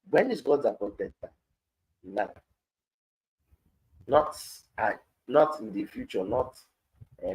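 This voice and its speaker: A man's voice: medium pitch, slightly rough, rough recording. A man with a Nigerian accent leading a live-streamed Bible study, reading scripture aloud and then explaining it in Pidgin-laced commentary.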